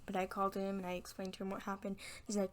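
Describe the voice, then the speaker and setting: A woman's voice: medium pitch, monotone, very fast. Candid young woman telling a story. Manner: candid, frank storytelling with quoted dialogue. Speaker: vlogger. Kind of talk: storytime vlog.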